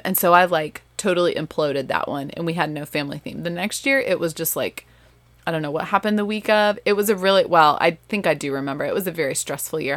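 A woman with a Southern accent chatting casually as a host, animated, laughing and correcting herself as she goes. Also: lowish voice, no room sound. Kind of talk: casual chat.

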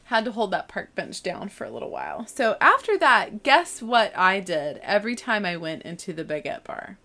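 A woman's voice: medium pitch, expressive, normal speed, pushed and bright. Woman rambling thru a story about herself, chatty, pokes fun at herself. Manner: chatty and self-mocking, laughs while telling. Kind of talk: casual personal storytelling.

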